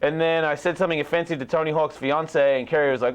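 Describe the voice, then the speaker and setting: A man's voice: on the high side, fairly even intonation, quick pace, smooth. A man telling a wild anecdote in a casual, profane way, often laughing as he goes.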